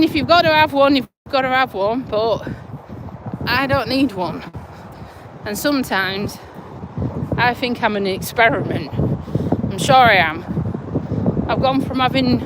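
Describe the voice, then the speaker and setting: Chatty woman on a windy walk. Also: high-pitched. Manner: chatty, self-mocking, swears casually, chuckles often. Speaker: vlogger. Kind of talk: casual live-stream chat while walking. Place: outdoors on a windy walk near roads. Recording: wind and traffic noise outdoors.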